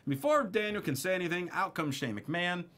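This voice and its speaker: A man co-hosting a wrestling after-show, recapping the episode in a lively, laughing chat. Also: sits high, a little fast. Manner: animated, laughs often while recapping. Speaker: co-host.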